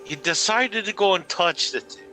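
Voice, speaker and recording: A man's voice: high voice, moderate pace, sharp tone, a little hiss or hum, rough recording. A man playing a tabletop game, joking wryly with the table. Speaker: player.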